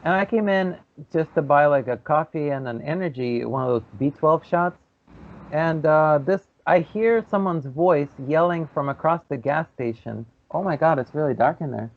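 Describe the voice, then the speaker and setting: A man co-hosting a podcast, telling a story in a lively, casual way and acting out the people in it. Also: fairly high pitch, normal speed. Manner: animated storyteller, acts out quoted voices. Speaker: podcast co-host. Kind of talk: casual chat. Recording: tinny phone-like audio.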